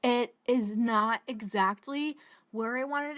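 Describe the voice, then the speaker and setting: A young woman with a Boston-area accent and a bright, forward voice talks through a makeup tutorial. She is casual and chatty, full of "like" and side tangents, and her pitch sits right in the middle. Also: unhurried, long pauses. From Massachusetts, USA. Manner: chatty, rambling, frequent "like" and tangents. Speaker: beauty vlogger.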